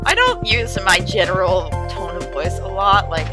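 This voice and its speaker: Streaming from an island, this young woman keeps the chat casual and animated, cursing a lot and dropping into goofy voices. She speaks at a normal pace in a voice on the low side. Music plays in the background, and the sound quality is poor.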